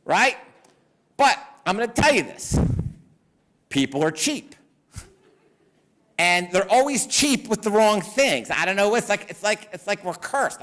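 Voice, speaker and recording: A middle-aged man, an attorney, giving a seminar talk to business owners and telling lively stories with acted-out quotes. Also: sits high.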